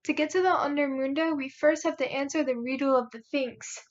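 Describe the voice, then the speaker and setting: A woman's voice: high-pitched, steady tone, a little fast, lightly acted. A bossy little chihuahua leader gives orders in a cool, commanding way, as a young woman reading a storybook puts him on. The sound is dull and lo-fi. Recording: muffled lo-fi recording.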